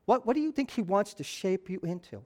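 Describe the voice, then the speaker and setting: A male pastor delivers a sermon in a high voice, chatting with the congregation and often asking "right?" and "you know". He repeats himself as he gathers his thoughts. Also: animated, brisk, warm tone.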